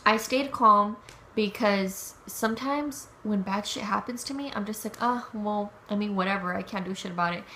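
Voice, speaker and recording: A woman's voice: mid-range voice, fairly bright tone, slight background noise. A young woman casually telling a story to camera, chatty, swearing a lot and acting out what she and others said. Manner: chatty, swears a lot, quotes herself with "I was like". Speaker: vlogger.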